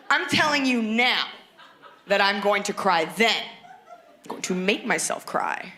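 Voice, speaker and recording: A woman in her thirties doing a brash, profane stand-up comedy routine on stage, dropping into shrill acted voices. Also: unhurried, sharp tone.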